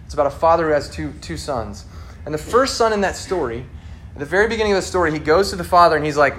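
A man's voice: fairly high pitch, lively intonation, fast talker, a bit bright, slight background noise. A man preaching a sermon in a casual, conversational way, acting out the people he quotes. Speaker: pastor.

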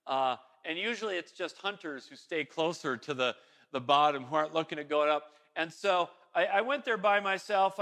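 A man's voice: a little high, sharp tone. A man, a pastor, telling a casual, self-deprecating story in a sermon, rambling with many fillers and restarts.

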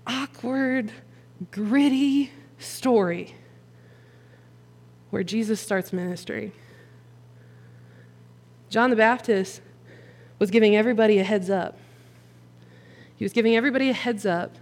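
A woman preaching a sermon in an animated, joking, conversational way. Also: a little high, breathy edge. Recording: long hall reverb.

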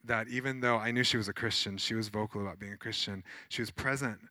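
A man, a pastor, preaching a sermon in a conversational, animated way with many fillers as he tells personal stories. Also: fairly low pitch, fast talker, dry recording.

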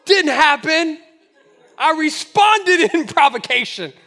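A male pastor preaching with a very high, bright voice. He tells his stories with animated energy and laughs often as he goes. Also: slow pace. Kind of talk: sermon.

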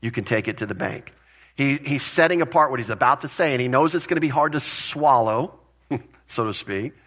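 A man preaching a conversational sermon as pastor, plain-spoken and animated, with joking asides. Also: medium pitch, moderate pace.

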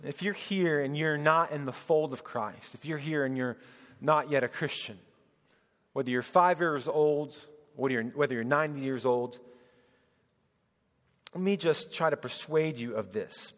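A man preaching a sermon as pastor, swinging between loud proclaiming and hushed, tender speech. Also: on the high side, unhurried. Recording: long hall reverb.

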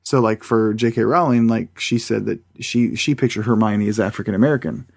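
A man co-hosting a casual podcast on a call, talking in halting repeats and swearing. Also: on the low side, gravelly, darkish tone. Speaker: podcast co-host. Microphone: computer mic on a video call.

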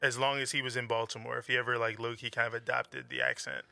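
Bright-voiced laid-back young man. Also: medium pitch, fast, creaky, faint music behind. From Washington DC area. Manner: relaxed, laid-back, says "like" often. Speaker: podcast guest. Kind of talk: casual chat.

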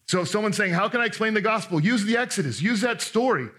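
Guy preaching a sermon, lively and chatty, slips into little voices for quotes, bright highish voice. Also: fast. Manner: animated, conversational preaching with frequent restarts; acts out quoted speakers in voices. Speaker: pastor.

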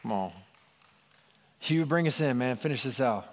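A man's voice: mid-range voice, lively intonation, normal speed, slight background noise. A man hosting a church gathering in an informal, encouraging way, with short affirmations as he invites people to speak. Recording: echoey hall with long reverb and a faint crowd.

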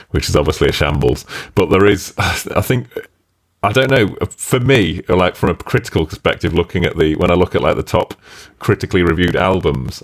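A man with an extremely low, deep voice talks in a loose, rambling way, sighing and swearing casually. His audio has a glitchy, robotic sound. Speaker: podcast co-host. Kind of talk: casual film review chat.

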